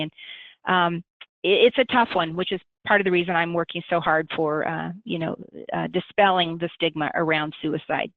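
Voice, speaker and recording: A middle-aged woman, a guest on a webinar, speaking gently and in a measured way with many pauses. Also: fairly low pitch, dry recording. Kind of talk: webinar conversation. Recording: tinny dry phone line.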